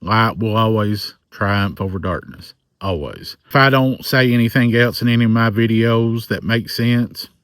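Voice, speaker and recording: A man in his forties with a thick Southern drawl, talking slowly and earnestly to camera about his faith and his channel. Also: fairly low pitch, fairly bright tone, clean tone, no room sound, clean studio sound. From American South. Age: 40s. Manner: slow, earnest, faith-filled. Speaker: paranormal content creator. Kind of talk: personal testimony to camera.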